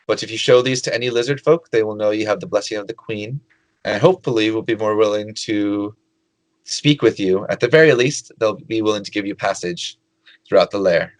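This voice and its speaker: A man voicing a gentle, hesitant female lizardfolk queen in a tabletop game, speaking formally and haltingly. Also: on the low side, no room sound, natural voice, low-quality recording. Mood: courteous. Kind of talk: tabletop role-play.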